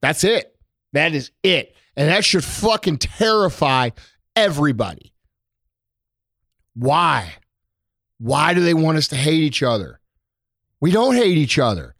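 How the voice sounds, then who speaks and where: A man from the United States goes on a fiery, profanity-laced podcast rant. His voice sits high and jumps all over the place as he hammers his points home. It's recorded close and dry. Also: big pitch swings, measured pace, long pauses, a bit bright, no room sound. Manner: profane, emphatic, preachy. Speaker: podcast co-host.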